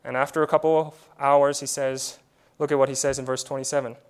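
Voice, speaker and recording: A man preaching a sermon as a pastor. He leans on rhetorical questions and drops to a quiet voice for effect, sometimes repeating words as he starts a thought. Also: mid-range voice, level tone, fairly quick, smooth.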